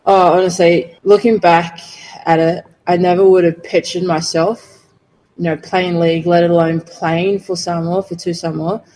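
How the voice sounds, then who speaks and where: A woman's voice: fairly low pitch, level tone, moderate pace, warm tone, low-quality recording. A woman, a rugby player answering interview questions earnestly, with many fillers. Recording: faint background noise.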